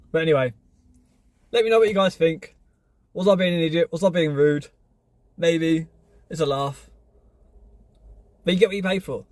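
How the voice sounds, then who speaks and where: A man's voice: a little high, normal speed, long pauses, dry recording. A man, a gardener, telling a story in a casual, blunt, self-assured way.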